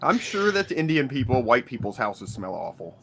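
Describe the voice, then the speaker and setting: A man's voice: mid-range voice, big pitch swings, fairly quick, vocal fry, a bit bright, slight background noise. A man co-hosting a casual podcast chat, rambling and laughing often, with many fillers like "like". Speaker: podcast co-host.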